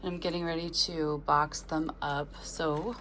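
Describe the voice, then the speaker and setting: A middle-aged woman talks slowly and softly in a low voice, as if chatting to a friend in her vlog. Behind her there is clear outdoor noise, with chickens and a rooster now and then. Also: little pitch movement. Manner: soft, talks sweetly to animals in a high voice. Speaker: vlogger. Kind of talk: casual vlog narration. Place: outdoors in the snow on a small farm. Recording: outdoor noise with farm animals.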